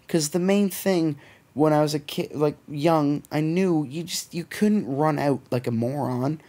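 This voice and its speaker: A young Canadian man spins a story on a podcast, swearing freely. He is animated and acts out the other people in his tale. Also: a little high, moderate pace. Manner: profane, animated storytelling with quoted voices. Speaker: podcast co-host. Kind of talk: casual storytelling chat.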